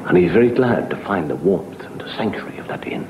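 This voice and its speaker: A man telling a comic horror story with a dramatic delivery, dropping to a hushed whisper and swelling again. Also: sits low, expressive, fast. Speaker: comedian storyteller. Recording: dull hissy old TV recording.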